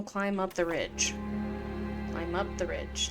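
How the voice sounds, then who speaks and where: Slow-talking, playful woman streamer. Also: on the low side, fairly even intonation, gravelly. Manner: playful, giggly, chatty. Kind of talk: casual live-stream chat while gaming. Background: game music.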